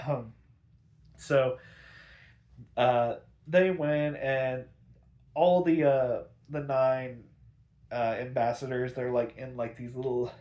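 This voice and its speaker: A man's voice: mid-range voice, a little mellow. A man casually recapping an old movie, rambling with lots of fillers and swearing. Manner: rambling, filler-heavy, profane. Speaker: host recapping a film. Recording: roomy echo.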